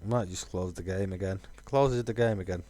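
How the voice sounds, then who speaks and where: A man's voice: low voice, fast talker, dark tone. A man, musing aloud with fillers while streaming a game. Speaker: gaming streamer. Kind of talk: casual let's-play commentary.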